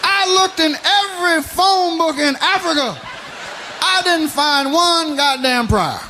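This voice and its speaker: A man doing a stand-up routine, telling profane stories loudly and laughing along with his own jokes. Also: very high-pitched, animated, takes it slowly. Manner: loud, profane storytelling that keeps breaking into laughter. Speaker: stand-up comedian. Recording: noisy live recording.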